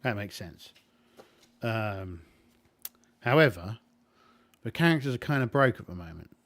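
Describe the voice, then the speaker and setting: A man's voice: fairly low pitch, lively intonation, unhurried, fairly bright tone. Man rambling through a solo tabletop game. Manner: rambling, many fillers and restarts, thinking aloud. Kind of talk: casual solo game narration.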